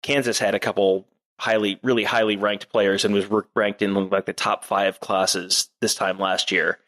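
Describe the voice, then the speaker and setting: Low-voiced man breaking down a football matchup. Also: level tone, a bit bright. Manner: measured, thinks aloud with frequent restarts. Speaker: co-host of a sports podcast. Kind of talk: casual analytical sports talk.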